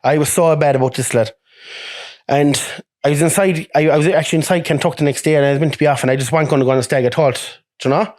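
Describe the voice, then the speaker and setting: A young Irish man, a truck driver, telling lively stories in casual chat, swearing and acting out what others said. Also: a little high, fast talker. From Ireland. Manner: animated, swearing, acts out quoted voices with laughs.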